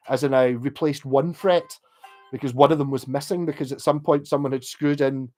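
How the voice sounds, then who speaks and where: Chatty Scottish man, slightly high voice. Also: darkish tone. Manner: rambling and chatty, with frequent restarts and casual swearing. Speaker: livestreamer talking guitar repair. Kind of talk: casual livestream chat.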